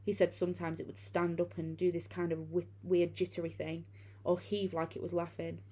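A woman's voice: lowish voice, completely flat delivery, moderate pace, dark tone, breathy edge. A woman reading a first-person horror story aloud in a casual, profane way. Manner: casual, profane retelling with many fillers. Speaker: narrator.

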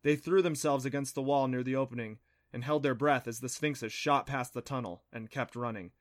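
A man narrating a children's adventure storybook in a steady, expressive reading. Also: medium pitch, fairly quick, no room sound, clean studio sound. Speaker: audiobook narrator.

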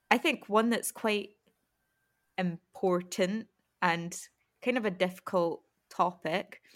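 Friendly woman hosting. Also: mid-range voice. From Scotland. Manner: relaxed, friendly questioning, laughs lightly. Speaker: host. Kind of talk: casual interview chat.

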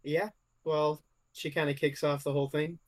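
Male cohost, chill short replies, kinda high flat voice. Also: normal speed, no room sound. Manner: brief agreeing replies, laid-back. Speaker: podcast cohost. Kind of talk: casual review chat.

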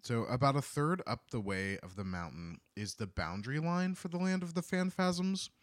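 A man co-hosting a podcast, retelling a book chapter in casual, lively chat. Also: medium pitch, normal speed, no room sound, clean studio sound. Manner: lively storytelling, laughs often. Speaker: podcast co-host.

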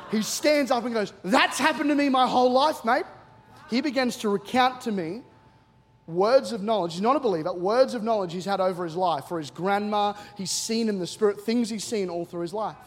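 A man's voice: high voice, normal speed. A middle-aged Australian man preaching a humorous sermon as a guest pastor, telling stories and acting out the voices in them with lots of energy. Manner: animated, jokey, acts out voices in his stories. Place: church auditorium with a live congregation. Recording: long reverb of a large church hall.

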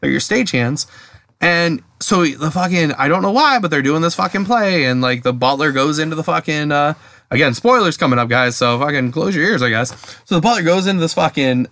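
A young man co-hosts a podcast from home in casual chat, rambling and swearing while he retells a show and voices the scenes. His voice sits on the high side with a fairly bright tone, he talks briskly, and there's no room sound.

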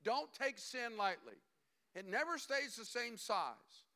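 Lively, bright-voiced male preacher. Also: extremely high pitch, slow pace. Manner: animated, acts out voices. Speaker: pastor. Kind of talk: sermon.

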